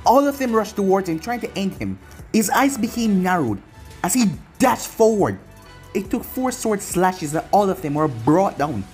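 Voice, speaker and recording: A narrator reading an anime fan-fiction story with a voice that rises and falls a lot. The reading is steady and storybook-like. Soft music plays underneath. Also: mid-range voice, moderate pace.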